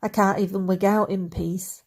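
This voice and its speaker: A woman's voice: mid-range voice, normal speed, lightly acted. Woman voicing a dry, sardonic heroine. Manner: dry, deadpan.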